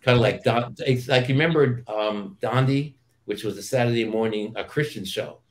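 A man chatting casually as a show host, reflective and rambling, with many pauses and fillers. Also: mid-range voice. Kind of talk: casual chat.

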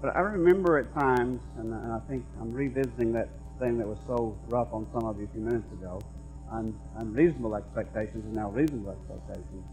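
A middle-aged man preaching a sermon as pastor, moving between quiet conversational asides and loud, emphatic repeated lines. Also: medium pitch, fast talker, faint music behind, low-quality recording. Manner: conversational preaching that swings from hushed asides to raised emphatic repetition.

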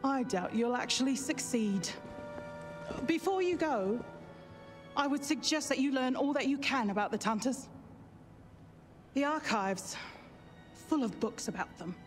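A woman's voice: high voice, lively intonation. Mocking old fantasy woman. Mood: scornful. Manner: slow, mocking, theatrical. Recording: game audio with clear music behind.

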